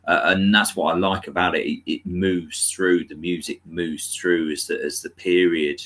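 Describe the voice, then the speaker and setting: A man's voice: deep voice, little pitch movement, moderate pace, fairly bright tone. A man co-hosting a casual film discussion, talking enthusiastically and restarting his sentences. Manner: enthusiastic, chatty, trails off and restarts. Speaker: podcast co-host.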